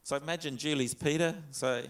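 A man's voice: on the high side, fairly even intonation, brisk, clear, resonant tone. A man preaching a conversational sermon, reading scripture aloud and retelling it in his own words. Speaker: pastor.

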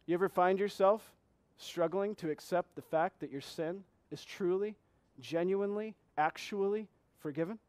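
A man preaching as pastor, reading scripture slowly and asking the congregation earnest questions. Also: high-pitched, darkish tone, no room sound. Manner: reads scripture slowly, repeating key phrases. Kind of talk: sermon.

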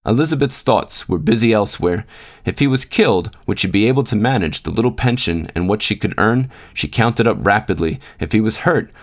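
A man reading a short story aloud in measured, scripted narration as podcast host. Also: fairly low pitch, animated.

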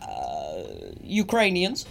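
A woman's voice: lowish voice, wildly swooping pitch, very slow, creaky, over a noisy crowd. A woman co-hosting a casual podcast, playful and teasing, often giggling as she jokes. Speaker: podcast co-host. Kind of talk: casual banter.

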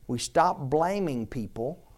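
A male pastor delivers a sermon, his pitch rising and falling freely as he speaks. He leans on rhetorical questions and moves between loud, pressing appeals and soft, confiding asides. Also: lively intonation, takes it slowly.

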